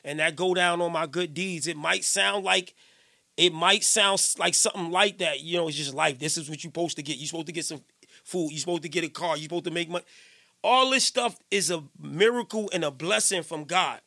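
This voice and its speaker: A middle-aged man hosting a radio show, talking in a casual, preachy monologue that swings between loud emphasis and quiet, repeating himself as he goes. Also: a little high, brisk, creaky, no echo, clean studio sound. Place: radio station studio.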